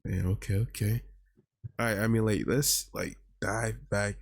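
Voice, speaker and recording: Male host, loose and rambling, fillers everywhere, slightly low voice, dry close sound. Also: steady tone, measured pace, gravelly, breathy edge, no echo. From Georgia. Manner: rambling, many "like" and "I mean" fillers. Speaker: podcast host. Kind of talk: casual chat. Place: virtual reality chat room.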